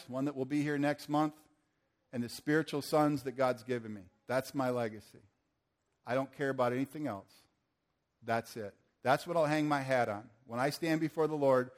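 An older man preaching a sermon to a church audience, earnest and asking the room questions. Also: mid-range voice.

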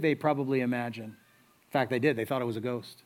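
A man's voice: medium pitch, steady tone, fast, darkish tone. Conversational male pastor preaching a sermon. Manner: conversational storytelling, rhetorical questions.

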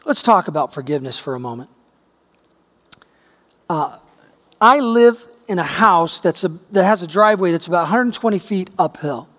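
A man's voice: high voice, lively intonation, normal speed, pauses often, fairly bright tone, in a large hall. A middle-aged man preaching a sermon, telling a personal story in a conversational way that builds to emphatic peaks. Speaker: pastor.

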